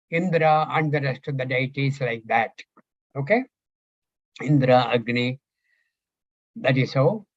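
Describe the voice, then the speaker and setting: An older man teaching a scripture class, slow and thinking aloud as he quizzes his students. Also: on the high side, no room sound. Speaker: Gita teacher. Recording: dull lo-fi recording.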